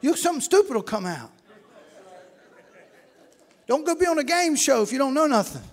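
A middle-aged man preaching a sermon with folksy storytelling, acting out shouting congregants as he goes. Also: extremely high pitch, sing-song, normal speed.

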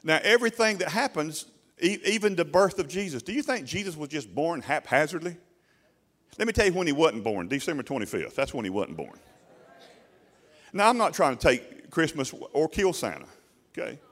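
A man's voice: on the high side, sing-song, moderate pace, fairly bright tone. A middle-aged man with a drawl delivers a sermon. He talks in a plain, folksy way and keeps putting questions to his congregation. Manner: colloquial preaching, asking the congregation questions. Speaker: pastor.

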